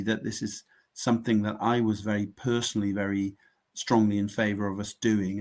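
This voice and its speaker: A middle-aged man from the United Kingdom, a member of parliament, explaining committee work in a measured conversational way with some restarts. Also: lowish voice, vocal fry, a little mellow, husky. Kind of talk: conversational interview answers.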